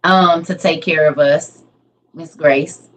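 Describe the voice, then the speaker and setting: A woman's voice: low voice, steady tone, takes it slowly. A middle-aged woman, chatting casually on a livestream and answering viewers' comments by name, laughing often. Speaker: livestream host.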